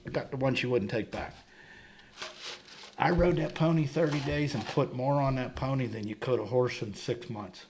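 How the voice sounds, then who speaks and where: Gravelly-voiced man spinning a yarn. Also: mid-range voice, moderate pace, a little mellow, slight background noise. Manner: rambling anecdotes, acting out quoted dialogue, chuckling. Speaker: guest, horse and pony trader. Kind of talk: casual storytelling in conversation.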